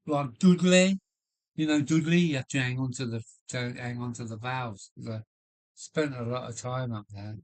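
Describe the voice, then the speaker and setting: A man's voice: medium pitch, fairly even intonation. An older man from Kent with a Kent accent, chatting casually and rambling on a livestream. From Kent, England. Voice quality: slow and rambling, with frequent restarts and fillers. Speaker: livestream host. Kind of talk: casual chat. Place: home loft.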